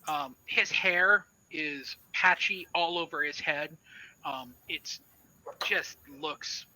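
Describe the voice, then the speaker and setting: A man narrating a tabletop game as game master, with a halting delivery full of fillers. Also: a little high, bright, forceful tone, poor audio.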